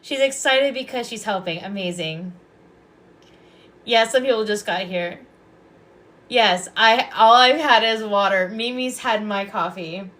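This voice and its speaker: A woman's voice: mid-range voice, unhurried, long pauses, a bit bright. A woman hosting a casual livestream as a Reiki and hypnosis practitioner, chatty, affectionate and rambling.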